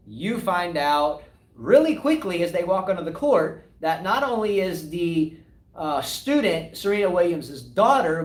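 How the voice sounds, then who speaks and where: A man's voice: high voice, far from the mic. A man co-hosting a live tennis talk show, arguing his points with rhetorical questions. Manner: animated, argumentative, rhetorical questions. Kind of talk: casual live-stream discussion. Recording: echoey room, voice away from mic.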